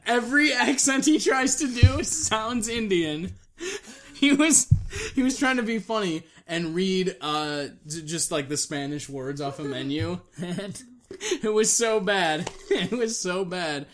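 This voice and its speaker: A woman's voice: mid-range voice, slow pace. A woman hosting a casual chat who laughs often and swears while telling stories. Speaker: host.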